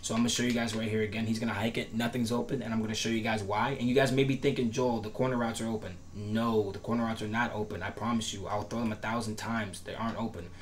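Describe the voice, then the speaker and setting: A lowish, level-toned voice runs fast with few pauses as this gaming tutorial creator lays out defensive setups in a casual style. He is instructive, repeats himself, makes emphatic promises, and cracks his voice at times, with a little hiss or hum in the background.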